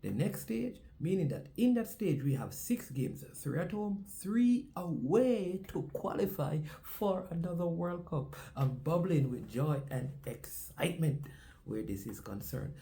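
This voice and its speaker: Mellow-voiced Jamaican man hosting sports talk. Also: on the high side, very animated, unhurried, creaky. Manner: preacher-like cadence, repeats phrases for emphasis. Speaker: sports show host. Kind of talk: casual sports commentary with a sermon-like opening.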